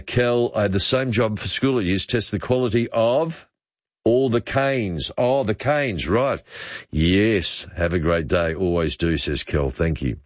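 An Australian man hosting talkback radio, relaxed and unhurried with many uh fillers. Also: on the low side, no echo, lo-fi sound.

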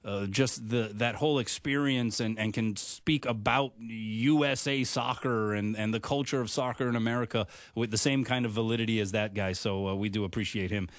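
A man's voice: lowish voice, fairly even intonation, moderate pace, hardly any pauses, no room sound, studio quality. A man hosting a sports radio show, chatting casually with many uhs and ums and laughing easily.

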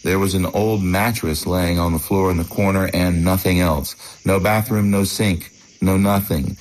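Deep-voiced man narrating a memoir. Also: a little hiss or hum, rough recording. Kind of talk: first-person memoir narration.

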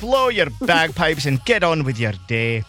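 A man hosting a radio quiz show, upbeat, quick and teasing. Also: fairly high pitch, big pitch swings, bright, forceful tone, faint music behind. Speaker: radio host.

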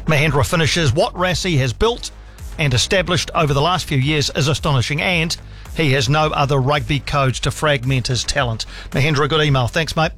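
A man's voice: fairly high pitch, fairly bright tone. A man with a New Zealand accent hosting a talkback radio show, chatty and full of restarts, speaking on a studio mic. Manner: chatty, hesitant restarts, mate-style banter. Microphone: studio microphone.

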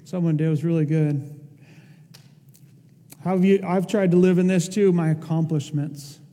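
A man with a high, mellow voice preaches a sermon, pressing his points with impassioned emphasis. His words ring out with a long reverb in a church hall. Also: steady tone, normal speed. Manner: impassioned, rising to emphatic peaks. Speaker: pastor.

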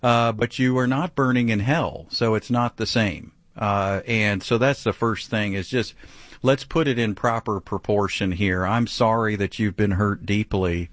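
A man's voice: fairly low pitch, fairly even intonation, a little slow, dry recording. A man hosting a live call-in radio show about faith, talking conversationally with frequent fillers. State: clearing his throat, choked up. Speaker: radio talk show host.

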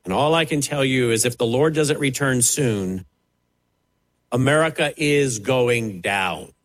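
A man's voice: medium pitch, unhurried, a bit bright. A man preaching a sermon as a television preacher, emphatic and dramatic, swinging sharply up and down as he drives his points.

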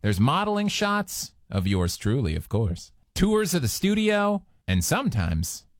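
Guy doing radio host patter, joking around, pitch jumps all over, dry close studio sound. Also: wildly swooping pitch, measured pace, dry recording. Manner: playful, self-mocking, upbeat. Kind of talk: jokey on-air radio patter.

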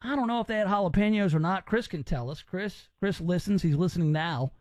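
Chatty high-voiced Southern radio host. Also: male voice, fairly quick, darkish tone, slight background noise. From American South. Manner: chatty, emphatic. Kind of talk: casual call-in radio chat.

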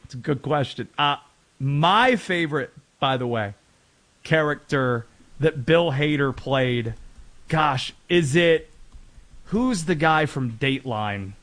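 Chatty sports talk host from North Carolina. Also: male voice, on the high side, expressive, slow pace, fairly bright tone. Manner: chatty, rambling, self-deprecating asides.

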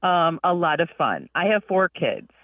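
A woman's voice: lowish voice, expressive, unhurried, no room sound. A woman calling in to a radio show, hesitant and giggly, using lots of fillers. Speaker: caller. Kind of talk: radio call-in chat. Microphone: telephone. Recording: tinny phone line, far from the mic.

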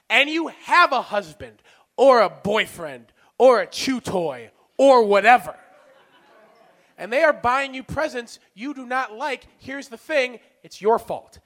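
Man, stand-up comic, self-deprecating, muttered asides, sudden shouts, bright tone. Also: extremely high pitch, lively intonation, unhurried. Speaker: stand-up comedian. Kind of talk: stand-up set.

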